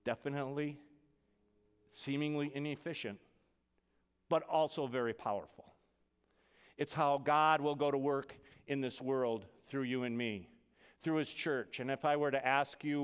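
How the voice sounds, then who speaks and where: A man preaching a sermon as a pastor, conversational and upbeat, then going quiet and soft for scripture and prayer. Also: medium pitch, fairly even intonation, a little slow, long pauses, clear, resonant tone, long reverb tail. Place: church sanctuary.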